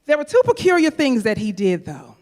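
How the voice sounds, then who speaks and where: A woman's voice: fairly high pitch, very animated, a little fast, darkish tone, in a large hall. A woman from St. Louis telling a personal story on stage, playful and chatty, talking straight to the audience. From St. Louis, USA. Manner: playful, chatty, addresses audience with "y'all" and "honey". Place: event venue stage.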